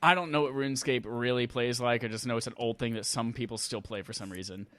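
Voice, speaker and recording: A man co-hosting a gaming podcast, talking excitedly and swearing as he gushes about games. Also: medium pitch, dry recording. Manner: fast, excitable gamer talk with swearing. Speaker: podcast co-host. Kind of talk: casual chat.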